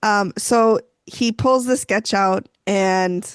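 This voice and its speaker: A woman's voice: medium pitch, takes it slowly, smooth, dry recording, studio quality. A woman co-hosting a podcast in casual recap chat, blunt and freely swearing, prone to tangents. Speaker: podcast co-host.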